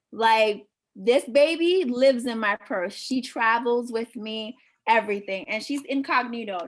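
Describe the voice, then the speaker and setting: Animated woman coaching on relationships. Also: a little high. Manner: animated, acting out quoted dialogue. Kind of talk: casual panel talk.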